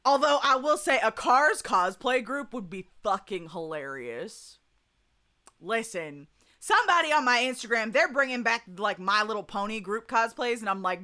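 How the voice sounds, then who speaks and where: A woman's voice: a little high, animated, unhurried, pushed and bright. A young woman with a Southern US accent chatting casually on a live stream, laughing often and swearing freely. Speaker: streamer chatting with her chat.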